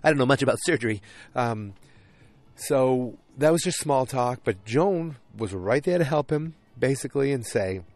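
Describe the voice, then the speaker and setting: A man's voice: medium pitch, animated, moderate pace, darkish tone, no echo. A man recapping a TV episode in casual chat, tired and getting over a cold, rambling with many fillers.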